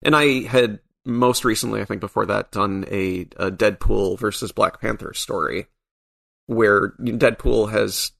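A man's voice: on the low side, unhurried, gravelly, fairly bright tone. A man being interviewed as a comic book writer, speaking thoughtfully with a dry, wry sense of humor. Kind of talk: casual podcast interview.

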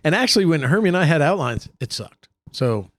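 A man's voice: fairly high pitch, big pitch swings, fairly quick, fairly bright tone, no echo. Joking man telling stories. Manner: joking storyteller who mimics colleagues. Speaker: podcast co-host and state senator. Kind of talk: casual podcast chat.

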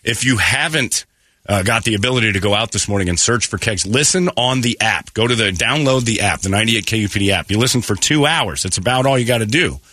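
A man's voice: lowish voice, fast talker, sharp tone, no room sound, studio quality. Congested man hosting morning radio. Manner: loose, jokey, announcer-like. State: congested from allergies. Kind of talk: casual morning radio banter. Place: radio studio.

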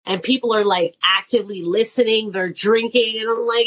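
A woman's voice: fairly high pitch, steady tone, brisk, hardly any pauses, a bit bright. A middle-aged woman comedian talking casually in an interview, chatty, often laughing and acting out quoted voices. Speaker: guest comedian.

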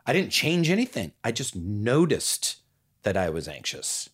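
A man with a slightly low voice chats casually as a podcast co-host. His talk is reflective and gently playful, often trailing off into soft asides. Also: big pitch swings, unhurried, husky. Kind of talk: casual conversation.

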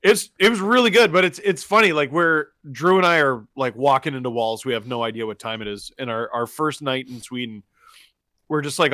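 Animated podcast host. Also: male voice, medium pitch, no echo. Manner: animated, quick storytelling. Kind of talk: casual podcast chat. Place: remote from abroad, on a delay.

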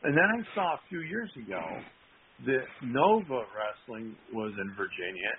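A man's voice: mid-range voice, big pitch swings, normal speed, husky. A man, a wrestling promoter and wrestler, tells rambling anecdotes with quoted dialogue on a call-in show. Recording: tinny phone line.

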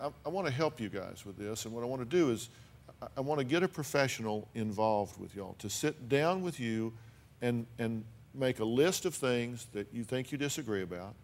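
A man hosting an advice talk show, earnest and prone to repeating words as he starts a thought. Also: medium pitch.

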